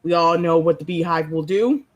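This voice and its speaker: A woman hosting a writing-sprint livestream, talking casually with a low, somewhat monotone voice and playfully dramatic banter. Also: normal speed, poor audio. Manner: playfully dramatic, teasing banter with chat and partner.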